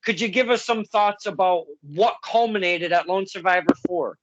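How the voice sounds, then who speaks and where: A man hosting an interview, casually recapping events in quick fragments before asking questions. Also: sits high, dry recording, muffled recording. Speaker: podcast host.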